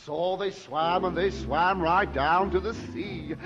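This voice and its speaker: A man's voice: high voice, big pitch swings, slow, gravelly, few pauses. A man singing and talking through a comic song, with chatty mock-dramatic asides to the listener. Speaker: comic singer. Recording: dull old record with loud music.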